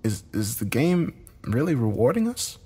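A man's voice: mid-range voice, sing-song, normal speed, mellow, husky, pitched above the performer's own voice. Guy doing a scared young woman, stammers a lot, nervous and shaky, one-armed survivor in a creepy story. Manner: hesitant, stammering.

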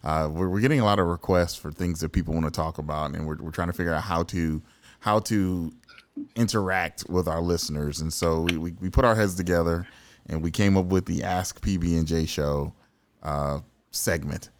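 A man with a very low voice co-hosts a casual podcast, stumbling over repeated words as he gets going. He sounds close and dry on the microphone, with no room around him. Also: dry recording. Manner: halting, repeats words, laughs often. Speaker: podcast co-host.

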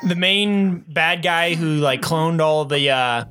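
Guy on a movie podcast, kinda high and bright, dry little asides. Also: takes it slowly, a little hiss or hum. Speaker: podcast co-host. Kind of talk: casual movie-review chat.

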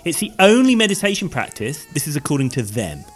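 A man co-hosting a casual podcast, animated and reading facts aloud with hesitant restarts. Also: on the high side, fast talker. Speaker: podcast co-host.

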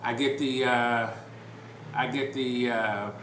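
A man hosting a podcast, telling a story in a relaxed, rambling way with lots of fillers and restarts. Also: mid-range voice, slow. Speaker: podcast host. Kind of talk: casual storytelling chat. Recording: roomy with background noise.

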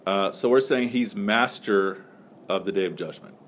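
Low-voiced man teaching a casual class. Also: moderate pace, a bit bright, slight background noise. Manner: joking, loose and conversational, many fillers like "so" and "like". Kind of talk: casual classroom lecture with questions to students. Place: classroom with students.

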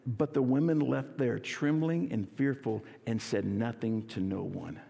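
Energetic pastor in a reverberant church. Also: male voice, medium pitch, a little slow, creaky, slightly rough. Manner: energetic, leads congregation in call and response. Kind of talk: sermon. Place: church sanctuary.

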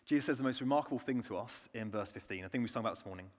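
A man from the United Kingdom preaching a sermon, earnest, moving between soft hushed lines and emphatic ones. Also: medium pitch, very fast. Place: church. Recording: long church reverb.

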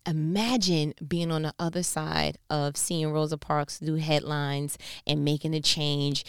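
Woman, New York accent, low voice, smooth tone, casual Bible teaching, slangy asides. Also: steady tone, measured pace, hardly any pauses, no room sound, studio quality. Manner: conversational, playful asides, slangy.

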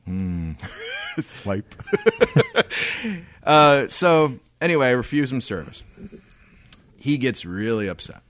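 A man's voice: mid-range voice, wildly swooping pitch, slow, pauses often, fairly bright tone, a little hiss or hum. A man telling a story in a casual podcast chat, swearing freely and laughing often. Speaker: podcast co-host.

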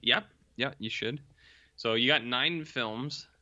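A man's voice: mid-range voice, slow pace, sharp tone, dull audio. A tired man co-hosting a podcast, chatting casually and telling anecdotes with quoted voices. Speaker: podcast co-host. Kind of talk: casual chat.

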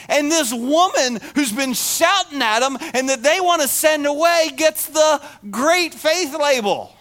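A man preaching a sermon to his congregation, animated and acting out the words of the people in the story. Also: very high-pitched, unhurried, hardly any pauses. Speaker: pastor.

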